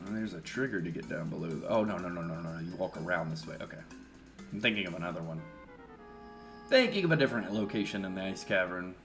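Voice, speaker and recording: A man's voice: low voice, fast. Chatty man narrating his gameplay. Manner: relaxed, chatty, thinking aloud. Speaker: streamer. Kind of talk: casual let's-play commentary. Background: faint game music.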